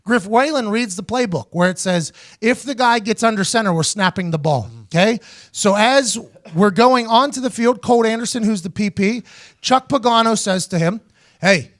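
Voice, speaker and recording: A fairly high-voiced American man in his thirties tells a story on a podcast. He is animated and profane, and he jumps up in pitch when he acts out other people's lines. The recording is dry and close to the mic. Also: moderate pace, no echo. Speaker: host, former punter. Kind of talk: casual storytelling podcast chat.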